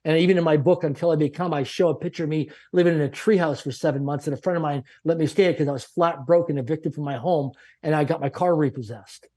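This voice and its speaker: A middle-aged man from Canada speaks with a slightly raised pitch and drives his points home in punchy lists. He tells stories with energy and acts out the people in them. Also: quick pace, hardly any pauses, darkish tone. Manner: emphatic, punchy lists, acts out quoted dialogue. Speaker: guest. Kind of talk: energetic motivational storytelling.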